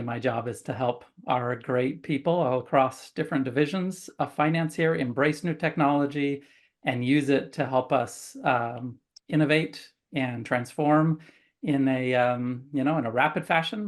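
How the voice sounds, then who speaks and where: A man on a panel introducing himself, friendly and filler-laden. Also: mid-range voice. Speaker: finance tech lead, panelist.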